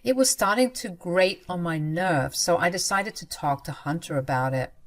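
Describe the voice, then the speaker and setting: A woman's voice: fairly low pitch, moderate pace, hardly any pauses. Woman narrating a personal story.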